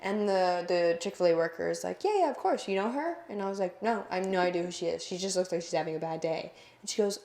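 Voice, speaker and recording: A woman's voice: lowish voice, level tone, fast, darkish tone. A young woman co-hosting a podcast, telling a long anecdote in casual chat with lots of "like" and restarts. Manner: rambling storyteller, heavy use of "like". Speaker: podcast co-host.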